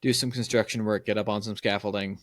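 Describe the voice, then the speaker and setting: A man's voice: fairly low pitch, steady tone, fast talker, dry recording. Opinionated man telling stories, dry mic. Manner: opinionated storyteller, laughs at his own stories. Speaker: podcast co-host. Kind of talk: casual podcast chat.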